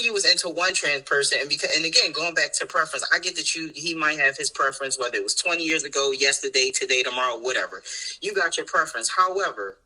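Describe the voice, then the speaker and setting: A man's voice: on the high side, bright, forceful tone, rough recording. A man co-hosting a podcast in casual chat, ranting emphatically with lots of profanity and bursts of laughter. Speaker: podcast co-host.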